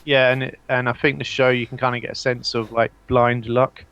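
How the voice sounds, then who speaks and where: A man's voice: medium pitch, flat delivery, fairly quick, a bit bright, smooth, lo-fi sound. A man from Jersey, a podcaster guest, chatting casually with a hesitant, laughing, self-mocking manner. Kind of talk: casual chat. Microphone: earphones with mic.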